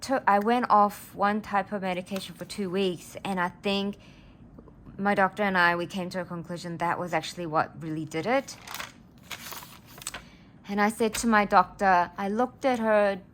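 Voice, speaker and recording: A woman's voice: medium pitch, moderate pace, a bit bright, a little hiss or hum. A woman, telling a personal story in a casual vlog, earnest and rambling as she gets emotional. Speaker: vlogger.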